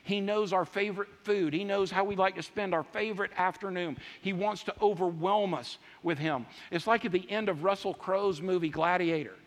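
High-voiced preacher man in a reverberant hall. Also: moderate pace, hardly any pauses. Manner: emphatic, repetitive preaching with swings from loud to hushed. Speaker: pastor. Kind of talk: sermon.

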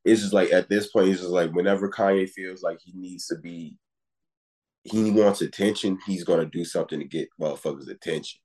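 Podcast co-host, man, very low and husky voice, loose rambling chat. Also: fairly even intonation, fairly quick, a little mellow. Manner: rambling, repeats "it's just like" and "you feel me". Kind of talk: casual chat.

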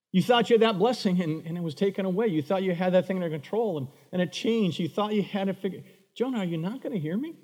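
A male pastor delivers a sermon with a somewhat high voice. He brings the story to life by acting out its characters. His voice rings out with the long reverb of a large hall. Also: quick pace. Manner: animated, acts out voices of Bible figures.

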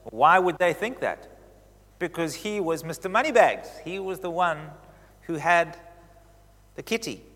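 A man preaching a sermon who gets animated, swinging in pitch and loudness as he drives his points home. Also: unhurried, long pauses, in a large hall.

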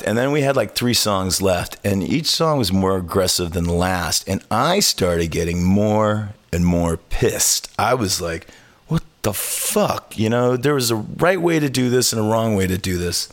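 Animated swearing male storyteller, lowish voice. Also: measured pace. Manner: animated storyteller, swears freely, acts out quotes. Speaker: podcast host. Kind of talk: casual storytelling chat.

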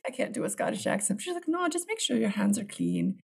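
A woman screenwriter, a guest, telling a story in a casual interview, animated and restarting often. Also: high-pitched, fast, creaky, hardly any pauses, breathy edge. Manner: animated, restarts often, acts out her own reactions.

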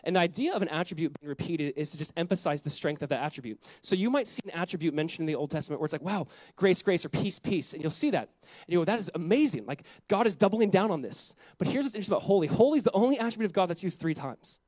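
A male pastor preaching at a fast clip in a high, lively voice, throwing questions at his listeners and then sinking to a hushed tone for reflective points. The sound is dry and close, with almost no room echo. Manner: animated, rhetorical questions to the congregation; drops to a soft, quiet voice on reflective lines. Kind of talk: sermon.

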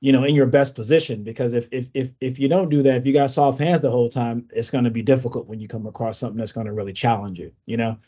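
Guy hosting a podcast, warm relaxed voice, pep-talk vibe, dull audio. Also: medium pitch, fast talker, hardly any pauses, slightly rough. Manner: motivational, talks in gym analogies. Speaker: podcast host. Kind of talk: casual interview chat. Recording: dull lo-fi sound.

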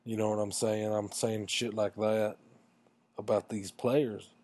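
Rambling low-voiced man telling a crude story. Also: level tone, measured pace, darkish tone. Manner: rambling, crude, self-mocking. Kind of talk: casual comic storytelling.

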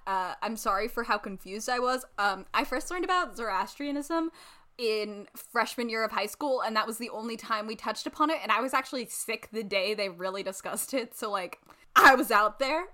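A woman's voice: a little high, sharp tone. A young woman co-hosting a podcast in casual chat, giggling often and explaining things with plenty of fillers. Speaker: podcast co-host.

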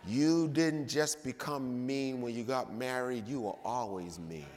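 Male preacher, slow emphatic sermon delivery with sudden loud peaks, recorded in a reverberant church. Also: mid-range voice. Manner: emphatic, swings between loud and quiet. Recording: long reverb of a church hall.

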